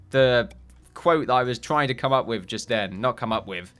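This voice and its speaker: A man's voice: mid-range voice, moderate pace, pushed and bright, soft background music. A man hosting a let's play, rambling and joking at his own expense in casual commentary. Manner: rambling, self-mocking, jokey. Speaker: gaming channel host.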